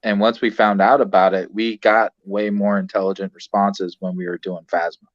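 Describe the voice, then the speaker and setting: A man with a low, deep voice lays out details in a matter-of-fact way during a casual live-stream chat. The sound is a bit dull and lo-fi, and dry. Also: flat delivery, normal speed, dry recording. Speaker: paranormal investigator, tour guide.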